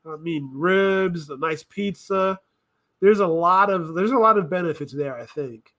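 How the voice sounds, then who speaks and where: A man riffing through casual reaction commentary with a voice pitched a little high. He thinks out loud, wanders off track and corrects himself as he goes. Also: a little slow. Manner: rambling, thinking aloud, self-correcting. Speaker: reaction video host.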